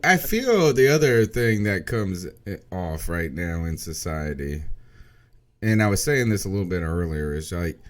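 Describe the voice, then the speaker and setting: A man with a somewhat low voice talks his way through ideas on a casual podcast. He rambles, gets worked up and swears freely, like a history teacher thinking out loud. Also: sing-song, unhurried.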